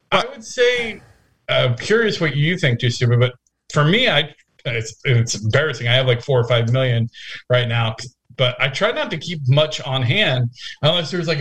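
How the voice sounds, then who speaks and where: A man's voice: on the high side, fairly bright tone. A man co-hosting a casual podcast chat, teasing and joking, laughing often. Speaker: podcast co-host.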